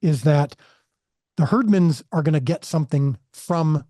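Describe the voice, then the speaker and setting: With an expressive, mellow voice on the high side, a man speaks unhurriedly as a filmmaker guest in a podcast interview. He recounts a personal story with earnest animation, frequently starting sentences over, and the studio sound is dry and clean.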